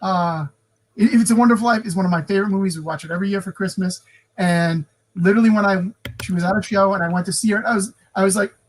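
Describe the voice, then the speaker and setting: A man in his forties, a podcast co-host, telling halting, self-correcting stories in casual chat. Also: high-pitched, slight background noise. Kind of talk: casual storytelling.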